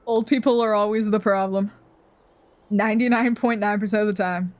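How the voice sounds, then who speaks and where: A woman's voice: mid-range voice, fairly even intonation, moderate pace, a little mellow. A young woman streamer chatting casually, ranting in a rambling, profane way with frequent laughs.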